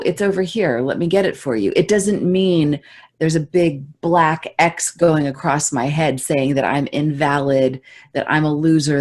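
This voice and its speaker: A woman co-hosting a podcast in casual, reflective chat, acting out her own reactions in quoted voices. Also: low voice. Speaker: podcast co-host.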